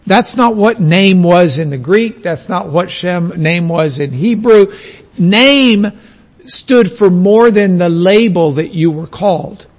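A man's voice: high voice, animated, slow. A man teaching a class, lecturing in a conversational way and stretching out the phrases he wants to stress.

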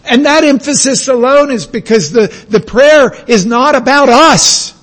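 A man's voice: very high voice, a little slow, a bit bright. A man teaching a class, lecturing in a conversational way and stretching out the phrases he wants to stress.

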